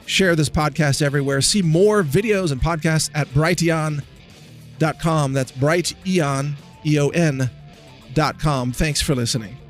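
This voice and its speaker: A man's voice: a little high, a little slow, soft background music. A man hosting a podcast, delivering a sarcastic, mocking political rant. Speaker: podcast host. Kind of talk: ranting political monologue.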